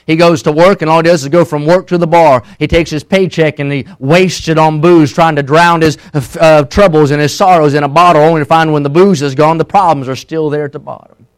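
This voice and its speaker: A male preacher with a notably high-pitched, smooth voice and fairly even intonation delivers a sermon. He climbs into shouts, then drops to hushed, slow storytelling.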